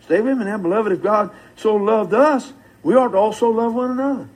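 An older preacher with a strikingly high, husky voice. He preaches with folksy fervor and keeps calling out to his listeners for a response. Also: fairly quick, darkish tone, low-quality recording. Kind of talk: sermon.

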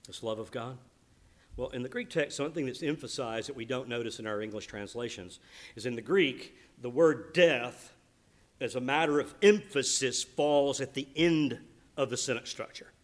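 A man preaching a sermon as pastor, earnest and emphatic, moving between quiet reflection and loud, stressed declarations. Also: medium pitch, moderate pace.

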